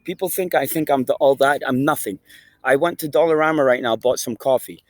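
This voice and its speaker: A man's voice: mid-range voice, brisk, no echo, rough recording. A man vlogging outdoors in a park, swearing constantly and rambling in a preachy, emphatic way. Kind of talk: rambling casual monologue.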